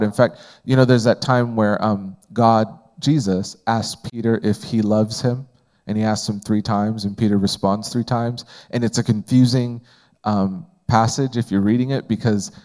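A man's voice: lowish voice, darkish tone. A man teaching a Bible study in a conversational way, asking the group questions and often using fillers.

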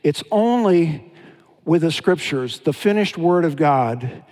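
Man, pastor, sermon, slightly high voice, animated storytelling, long hall reverb. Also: slow. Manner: storytelling, animated with dramatic retellings.

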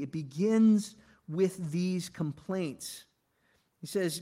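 Conversational male pastor, slightly high voice. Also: slow. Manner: conversational, rhetorical questions, swings between loud and quiet. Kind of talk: sermon.

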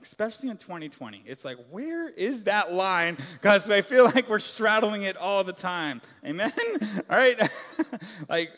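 Man, pastor, casual joking sermon, high-pitched voice, reverberant church hall. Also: sing-song, a little slow, a bit bright. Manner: casual, joking, many filler "like"s.

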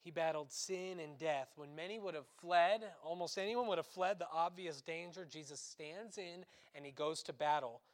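High-voiced, emphatic male priest preaching. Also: normal speed, few pauses. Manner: emphatic, swinging between loud urging and hushed intensity; conversational with asides and laughs. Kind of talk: sermon.

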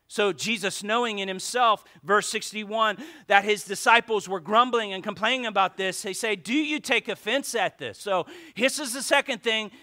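A male pastor preaching a lively sermon, joking with the congregation and reading scripture aloud. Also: high-pitched. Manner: animated preaching with asides and jokes to the congregation.

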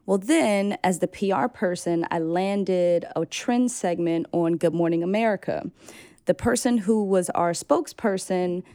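A woman hosting a casual talk, telling stories in a lively, slangy way. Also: lowish voice, unhurried. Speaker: host. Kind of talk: casual chat.

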